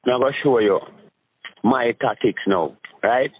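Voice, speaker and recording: A man with a Jamaican accent telling rambling comic stories, jumping into high voices when he acts out scenes. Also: a little slow, husky. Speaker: street comedian. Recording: tinny phone-like sound.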